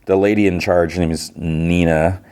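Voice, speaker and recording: A podcast host with a smooth, low, slightly mellow voice keeps a moderate pace and fairly even intonation as he casually recaps a TV episode. The retelling rambles, laced with "like" and "you know."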